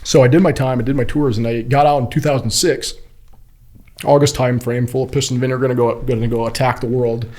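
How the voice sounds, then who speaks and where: A man's voice: medium pitch, fast. Man telling war stories, easygoing. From Kuwait. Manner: animated storyteller acting out quoted voices. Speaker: podcast guest. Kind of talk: casual storytelling interview.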